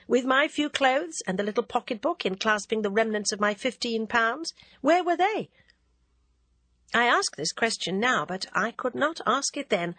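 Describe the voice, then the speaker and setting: A woman narrating a classic novel as an audiobook reader, in a measured, even way. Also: fairly high pitch, no echo.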